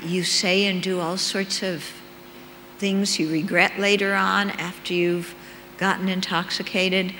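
A woman's voice: medium pitch, pushed and bright. A woman giving a conversational dharma talk as a meditation teacher, checking in with her listeners as she explains. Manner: unhurried, checks in with listeners with "okay?". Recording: long reverb in a hall, faint hum.

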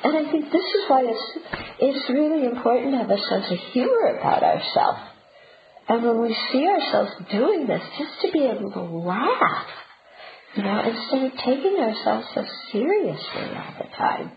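A woman's voice: fairly high pitch, very animated, normal speed. A woman giving a conversational Buddhist teaching talk, often checking in with her listeners. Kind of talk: dharma talk. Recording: roomy, dull and noisy.

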